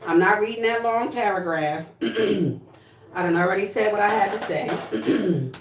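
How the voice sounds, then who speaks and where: A woman's voice: medium pitch, measured pace, recorded from a distance, noisy background. A woman from New Jersey chatting casually on a livestream, sassy and blunt with plenty of swearing. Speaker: livestream host. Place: home room, indoors. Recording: echoey room, voice from off-mic.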